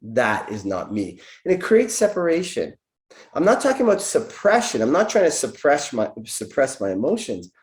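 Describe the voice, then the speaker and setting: A man's voice: a little high, huge pitch swings, normal speed. A man guest speaking as a naturopathic doctor, giving an earnest, searching spiritual explanation. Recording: echoey room.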